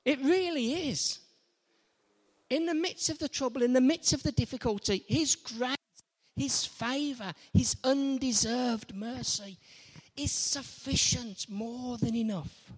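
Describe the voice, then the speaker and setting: A man preaching a sermon, animated, acting out quoted lines in different voices. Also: extremely high pitch, slow pace, slightly rough. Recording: long hall reverb.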